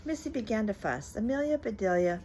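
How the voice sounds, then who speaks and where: An older woman, a grandmother, reading a children's bedtime story aloud in a gentle, lively manner. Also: medium pitch, brisk, low-quality recording.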